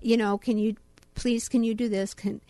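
A woman's voice: a little high, level tone, normal speed, mellow, no room sound. A middle-aged woman co-hosting a radio show, telling a story with self-mocking humor. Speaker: radio co-host. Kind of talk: casual on-air chat.

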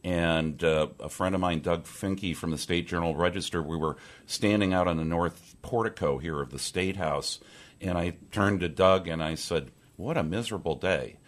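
A man's voice: sits low, steady tone, moderate pace. A man hosting a political radio talk show from a statehouse press room, rambling with many fillers and restarts.

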